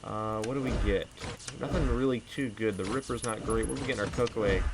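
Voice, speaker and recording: Chatty man with a low voice. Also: brisk, noisy background. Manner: rambling, chatty, many fillers. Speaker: let's play host. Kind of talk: casual gameplay commentary.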